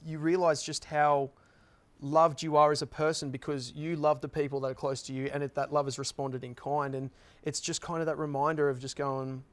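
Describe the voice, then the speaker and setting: A man's voice: a little high, level tone, normal speed. A man earnestly telling a personal story in a group conversation, rambling with frequent restarts. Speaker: panel guest.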